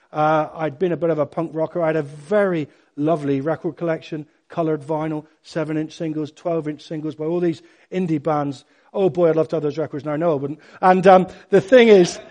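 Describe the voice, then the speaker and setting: A middle-aged man preaching a sermon in an emphatic, animated way, with sudden loud bursts. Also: on the high side.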